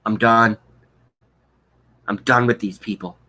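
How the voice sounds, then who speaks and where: A man's voice: on the low side, fairly even intonation, takes it slowly, sharp tone, poor audio. A man hosting a livestream, delivering an angry, profane political rant with contempt. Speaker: livestream host.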